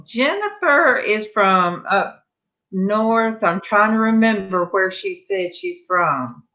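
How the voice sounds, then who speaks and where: A woman hosting a live stream, chatting casually with viewers in a slow, rambling way. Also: medium pitch, animated. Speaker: livestream host. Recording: muffled lo-fi audio.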